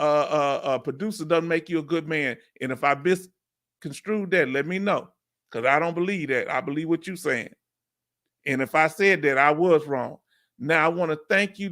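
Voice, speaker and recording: A man hosting a live stream, chatting casually and asking viewers questions with drawn-out emphasis. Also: high voice, fairly bright tone.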